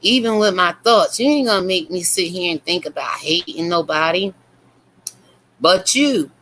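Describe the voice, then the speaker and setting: A woman's voice: lowish voice, lively intonation, normal speed, fairly bright tone, slight background noise. Fiery cursing woman preaching a rant. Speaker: online commentator. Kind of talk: profane religious rant.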